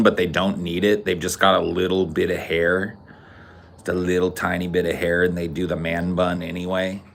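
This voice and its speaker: A man's voice: deep voice, a bit bright. A man co-hosting a comedy podcast in casual, joking banter. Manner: joking, wry, swears. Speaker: podcast co-host.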